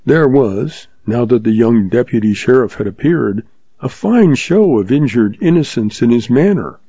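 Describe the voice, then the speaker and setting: Gravelly man narrating a western. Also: medium pitch, expressive, normal speed, dark tone, no echo. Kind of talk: scripted western story narration. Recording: dull lo-fi sound.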